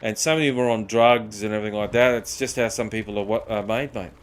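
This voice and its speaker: A man's voice: fairly low pitch, fairly even intonation, fast. Swearing streamer guy. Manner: rambling, swears often, says "mate" a lot. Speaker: gaming streamer. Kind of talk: casual chat while gaming.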